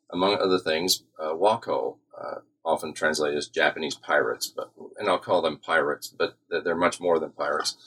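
A man's voice: sits low, fairly bright tone, husky. A man, an author, answering questions in an academic interview, hesitant, with many fillers and restarts.

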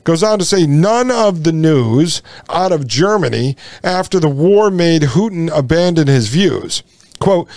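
A man's voice: on the high side, lively intonation, normal speed, a little mellow, no room sound. A man hosting a podcast, reading from a history text and breaking in with indignant, sarcastic asides. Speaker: podcast host.

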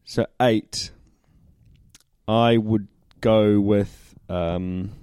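A man with a low, dark voice co-hosts a casual podcast chat. He mostly gives short agreeing replies and sometimes pushes back playfully. The recording is dry and close. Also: fairly even intonation, extremely slow, clear, resonant tone, dry recording. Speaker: podcast co-host.

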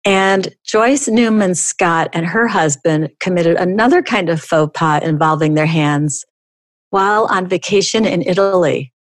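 A middle-aged woman hosting a podcast, reading a comic story aloud with animated storytelling and sudden high jumps for dialogue. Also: a little slow, dry recording. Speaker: podcast host.

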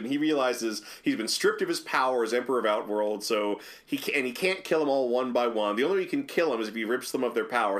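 A man's voice: medium pitch, a bit bright. A young man co-hosting a podcast, making dry, wry quips in a casual chat. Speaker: podcast co-host. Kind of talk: casual film review chat.

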